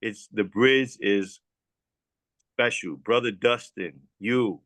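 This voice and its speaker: A man's voice: fairly low pitch, slow pace, fairly bright tone, dry recording. A man telling his own recovery story as a former guest, earnest and heartfelt, often stumbling and repeating words as he searches for them. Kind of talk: emotional testimonial.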